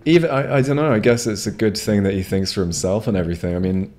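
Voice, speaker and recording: A man commenting casually as he plays a game, talking into a home streaming microphone. His voice is low and warm, and he rambles, swears freely and restarts his sentences often. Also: animated, fast talker, a little hiss or hum. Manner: rambling, profane, frequent restarts. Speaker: gamer streaming a playthrough.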